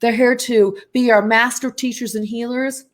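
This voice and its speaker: A woman's voice: fairly high pitch, fairly even intonation, normal speed. A woman speaking as a psychic medium guest in a casual live interview, talking straight to the viewers and drifting off onto tangents.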